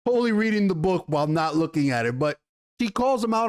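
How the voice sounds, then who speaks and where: A man giving a casual, animated TV episode review in slangy talk, often repeating himself. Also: high-pitched, fast. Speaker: TV show reviewer.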